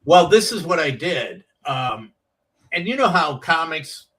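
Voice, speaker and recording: A man's voice: fairly high pitch, sing-song, unhurried, fairly bright tone, recorded from a distance. A middle-aged man, a guest comedian, telling rambling anecdotes on a chat show and acting out the quotes.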